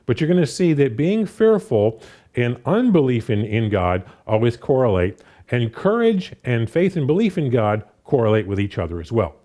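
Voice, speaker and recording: A man preaching a sermon in an easygoing, conversational manner, full of restarts and "you know" fillers. His voice is mellow and warm, and his pitch rises and falls a lot as he reads scripture and acts out the speakers in it. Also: normal speed. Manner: reads scripture aloud and paraphrases it with animated voices.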